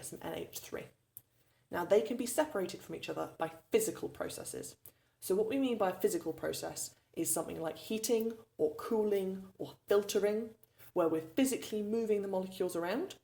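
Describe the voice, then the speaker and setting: A woman's voice: lowish voice, creaky, a little mellow. A woman, a chemistry teacher giving a recorded revision lesson and explaining each step patiently.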